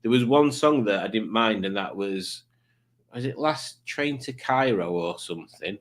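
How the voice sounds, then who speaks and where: A man's voice: fairly low pitch, expressive, unhurried. A man hosting a casual live quiz stream, rambling along with jokey, self-mocking asides. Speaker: quiz show host.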